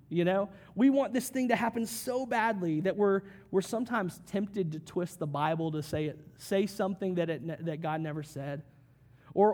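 High-pitched guy pastor, chatty sermon, cracks little jokes, acts out quotes. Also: a little mellow. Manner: conversational, joking asides, quick acted quotes.

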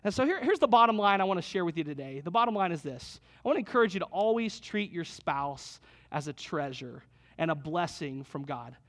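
A man's voice: high voice, a bit bright. A middle-aged man preaching a sermon to couples in a conversational way, repeating key lines and joking with his listeners. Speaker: pastor.

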